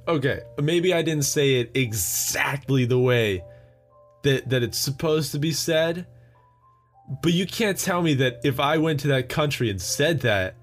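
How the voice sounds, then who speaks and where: A young American man with a mid-range voice hosts a solo podcast, chatting casually at an unhurried, drawn-out pace. He rambles and jokes, dropping plenty of fillers and little laughs, with faint music playing underneath.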